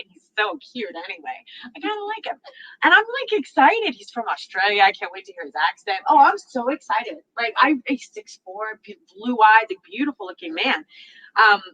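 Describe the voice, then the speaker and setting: A woman's voice: sits high, highs cut off. A woman hosting a talk show, chatting casually and acting out what others said, laughing often. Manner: animated, acts out quotes, laughs often. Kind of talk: casual storytelling chat.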